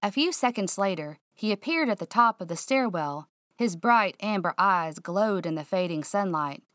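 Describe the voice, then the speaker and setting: A woman narrating a first-person mystery audiobook in a hushed, suspenseful, drawling way. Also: medium pitch, animated, moderate pace, dry recording, clean studio sound.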